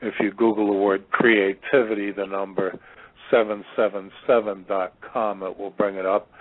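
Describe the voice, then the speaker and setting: A man calling in to a radio show, talking earnestly and pausing on fillers. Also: low-pitched, no echo. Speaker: caller. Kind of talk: call-in radio talk. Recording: tinny phone line.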